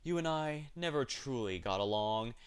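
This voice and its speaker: A man reading the lines of a proud, dying old king in a hoarse, slow and haughty way. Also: medium pitch, lively intonation, lightly acted. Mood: scornful. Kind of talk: dramatic reading of game story.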